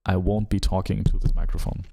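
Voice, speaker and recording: Low, gravelly man with German accent. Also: a little fast. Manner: musing and relaxed, hums rhythms aloud, trails off. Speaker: music producer streaming live. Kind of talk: casual live-stream chat while working.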